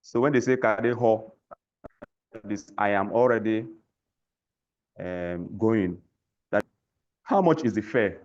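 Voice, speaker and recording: Low-voiced male language teacher on a dull lo-fi call line, patient and repetitive. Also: slow pace, pauses often, darkish tone. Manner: patient, repeats words for learners to echo. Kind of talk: online language lesson. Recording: lo-fi call audio.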